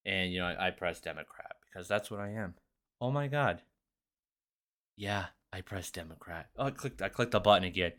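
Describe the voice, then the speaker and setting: Young male podcast host with a low voice, profane and rambling, excitable monologue. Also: moderate pace. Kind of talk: casual monologue.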